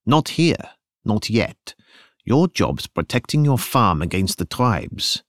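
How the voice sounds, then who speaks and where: An insistent, burly settler , voiced by a male narrator, pressing his point in a raised, firm voice. The reading swings up and down with lively pitch and sits dry and close to the mic. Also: slow pace, dry recording. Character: big red-bearded male settler messenger, insistent.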